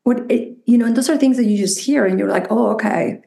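A woman with a Mexican Spanish accent speaks with a gravelly edge to her voice. She tells her experiences in a reflective, animated way, often slipping into the voices of people she quotes. The room around her is echoey. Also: a little high, fast talker. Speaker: psychotherapist guest. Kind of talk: conversational interview.

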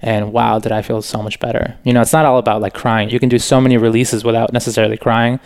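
A young man talking as a guest in a relaxed, earnest way, full of "like" and "you know" fillers. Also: medium pitch, quick pace, clear, resonant tone. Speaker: podcast guest, author. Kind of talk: casual interview chat.

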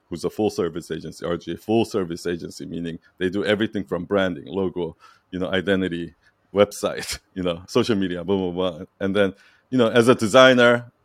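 A man's voice: low-pitched, no room sound, studio quality. A man coaching a client in casual talk, emphatic and repetitive, checking in with "right?" and laughing lightly. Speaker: brand strategy coach.

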